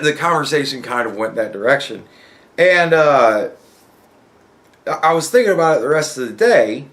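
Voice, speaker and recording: This American man's voice sits on the high side with a fairly bright tone. He hosts a podcast, delivering a casual, profane monologue and acting out other people's replies.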